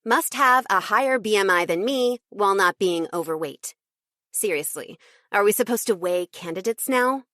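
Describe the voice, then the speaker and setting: A woman's voice: mid-range voice, moderate pace, bright, forceful tone, no echo, clean studio sound, natural voice. A woman narrator voicing a polished young female assistant who speaks in an arch, exasperated way.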